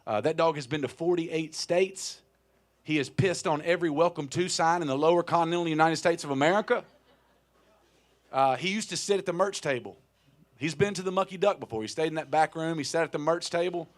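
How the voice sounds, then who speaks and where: A man's voice: on the high side, brisk. A man in his thirties telling a wry, profane story onstage between songs at a small live music venue, into a stage vocal mic. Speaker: touring singer-songwriter telling a story on stage.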